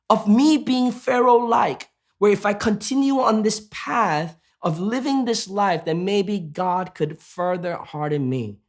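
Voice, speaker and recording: A man preaching a sermon as pastor, emphatic and asking the congregation rhetorical questions. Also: high voice.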